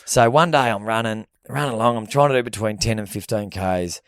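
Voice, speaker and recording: A young Australian man in casual podcast chat, telling a rambling story with lots of swearing and acted-out bits. His voice sits a little low and is recorded close and dry, with no room sound. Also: a little fast, no echo. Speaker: podcast co-host.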